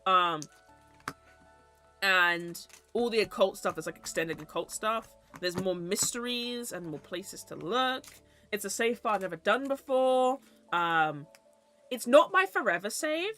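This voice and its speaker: A woman's voice: medium pitch, animated, a little slow, a bit bright, faint music behind. A young woman streamer who chats casually and rambles, with easy swearing. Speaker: VTuber streamer.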